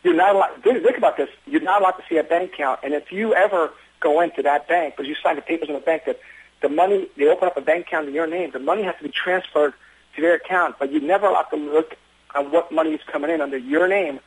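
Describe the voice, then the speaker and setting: Man, emergency doctor, interview guest, rapid delivery, earnest, many restarts. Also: fairly high pitch, breathy edge, rough recording. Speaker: emergency physician running an urgent care. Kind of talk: interview conversation.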